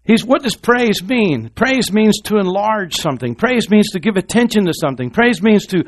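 Male pastor, high voice, emphatic sermon delivery that drops quiet then builds to shouting. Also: lively intonation, moderate pace. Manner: swings from quiet, low talk to loud, shouted preaching; emphatic, repeats phrases for effect.

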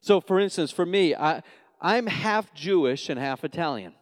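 A man from Long Island preaches in a large hall with a long reverb. His fairly high voice jumps between loud, emphatic bursts and hushed, low asides. He often stumbles and restarts as he pushes through his points. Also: expressive, moderate pace. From New York, Long Island. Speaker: pastor. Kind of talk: sermon.

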